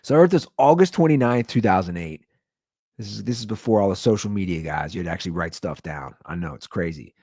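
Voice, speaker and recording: A man in his thirties hosting his own podcast, telling stories in a casual comedic rant and jumping into high-pitched quoted voices. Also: expressive, fast, a little mellow, breathy edge, no room sound, clean studio sound. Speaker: podcast host.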